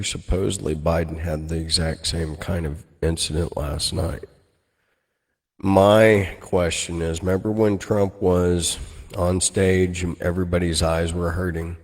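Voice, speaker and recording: A man's voice: sits low, darkish tone. A man hosting a casual political commentary monologue, rambling with many fillers and hesitations.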